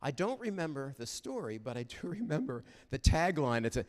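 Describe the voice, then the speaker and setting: An older man giving a heartfelt, storytelling chapel talk at a university, animated and prone to halting restarts. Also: a little high. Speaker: guest chapel speaker. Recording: reverberant chapel hall.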